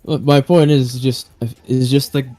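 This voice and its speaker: A man's voice: medium pitch, little pitch movement, measured pace, dark tone, faint music behind. A man hosting a stream, chatting casually and rambling about comic films with lots of restarts and swearing. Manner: rambling, profane, many restarts. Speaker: stream host. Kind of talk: casual chat.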